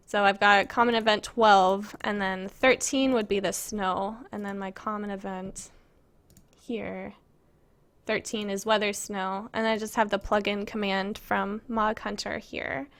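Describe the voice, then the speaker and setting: A woman's voice: medium pitch, little pitch movement, a little slow, a bit bright. A woman casually chatting on a live stream as she shows her game-making work, giggling and rambling as she reads viewer questions aloud.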